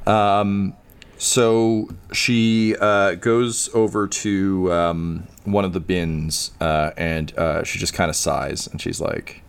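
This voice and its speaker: A man's voice: deep voice, fairly even intonation, slow, gravelly, clear, resonant tone. A man narrating as game master, rambling with many fillers and voicing characters.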